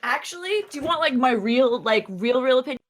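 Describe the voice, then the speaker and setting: A woman's voice: high voice, animated, fairly quick. Giggly chatty young-sounding woman. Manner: giggly, lots of fillers like 'like'. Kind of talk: casual chat on a voice call.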